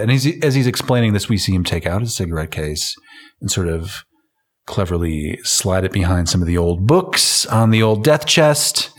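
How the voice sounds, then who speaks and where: A man's voice: sits low, lively intonation, moderate pace. A man co-hosting a casual film podcast, recapping the plot with jokes, swearing and frequent laughter. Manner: joking, profane, laughs often while recapping. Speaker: podcast co-host.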